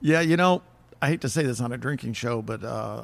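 A man as a podcast guest, chatting in a relaxed and hesitant way. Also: medium pitch, fairly quick, creaky, dry recording. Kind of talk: casual chat.

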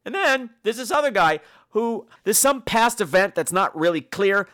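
Snarky podcast host, male, high and animated, campy sarcastic review delivery. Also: normal speed. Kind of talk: casual spoken review.

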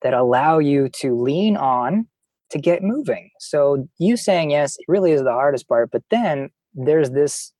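A man chatting as a podcast guest, telling enthusiastic, animated stories. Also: fairly high pitch, unhurried, no room sound, low-quality recording. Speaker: podcast guest, travel company marketer. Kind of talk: casual storytelling chat.

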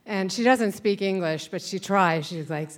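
A woman's voice: medium pitch, normal speed. A woman in her sixties telling a wry personal story on a stage before a live audience, acting out the voices of the people in it. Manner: conversational, wry, acts out voices.

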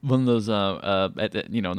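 A man's voice: lowish voice, a little fast, clean tone, no room sound. A young man co-hosting a podcast, casually recapping a movie, swearing freely and acting out the characters in goofy voices. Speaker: podcast co-host.

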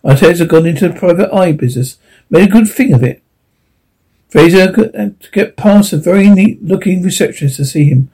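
Husky-voiced male audiobook narrator. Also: high voice, fairly quick, warm tone, poor audio.

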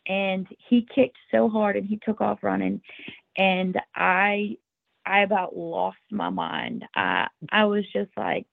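A woman's voice: mid-range voice, lively intonation, slow, vocal fry, no room sound. A woman guest on a podcast, telling a story in the first person in an earnest, emotional way, with tumbling restarts. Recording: tinny phone-like line, dry.

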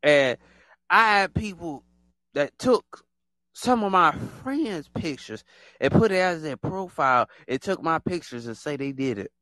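Animated guy talking casually, pitch all over the place, keeps repeating himself, dry close mic. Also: dry recording. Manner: animated, repetitive, acts out other people in quick put-on voices. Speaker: podcast host. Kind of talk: casual monologue.

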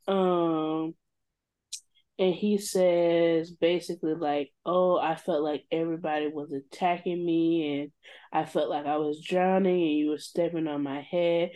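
A woman's voice: deep voice, steady tone, unhurried, warm tone. A woman co-hosting a casual chat, gossiping and retelling scenes with quoted lines and slang. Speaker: podcast co-host. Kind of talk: casual chat recapping a reality show.

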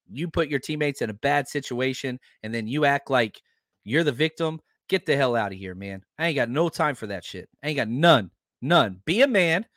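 A man's voice: no room sound, studio quality. Fired-up man ranting on a podcast. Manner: heated, profane, swings between loud outbursts and low asides. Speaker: podcast host. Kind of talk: casual sports podcast rant.

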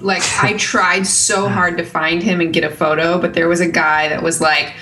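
Woman panelist, lower-pitched voice, casual, giggly. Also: little pitch movement, moderate pace, pushed and bright, slight background noise, low-quality recording. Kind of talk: casual chat.

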